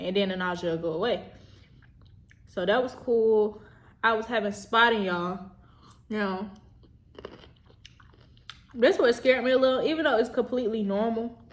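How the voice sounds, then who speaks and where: Young adult woman vlogger, loose chatty delivery, repeats herself, voice on the higher side. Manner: rambling, chatty, repeats herself, says "y'all". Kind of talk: casual chat to camera.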